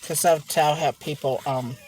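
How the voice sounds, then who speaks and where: A woman's voice: low-pitched, fairly even intonation, moderate pace, a little hiss or hum. A woman vlogging while she eats, telling rambling gossipy stories in casual chat from inside a car. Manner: chatty gossipy storytelling, frequent laughs. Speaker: mukbang vlogger.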